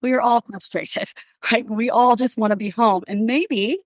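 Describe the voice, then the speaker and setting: A woman, a counselor and podcast guest, telling lively stories in a casual interview and acting out what she and others said. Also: fairly high pitch, unhurried, dry recording. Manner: animated storyteller, acts out quotes.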